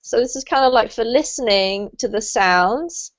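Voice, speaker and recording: A woman's voice: on the high side, expressive, moderate pace. A woman with a British accent teaching English pronunciation to a small online class, encouraging and patient in her explanations. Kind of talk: online group lesson. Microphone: video call.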